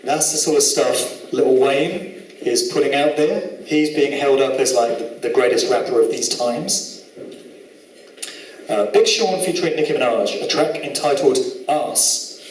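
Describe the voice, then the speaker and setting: A man's voice: medium pitch, unhurried, a little hiss or hum. Sarcastic Southern English man lecturing. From England. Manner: sarcastic, indignant, moralizing. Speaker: conference speaker. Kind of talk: live lecture presentation. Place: lecture hall. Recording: echoey hall, mic from far off.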